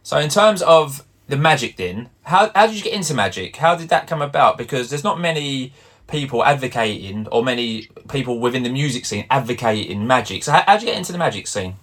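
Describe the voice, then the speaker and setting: A man's voice: mid-range voice, animated, fairly quick, fairly bright tone. A man hosting a podcast, who repeats himself a little as he puts his questions to a guest. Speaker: podcast host. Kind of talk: casual interview questions.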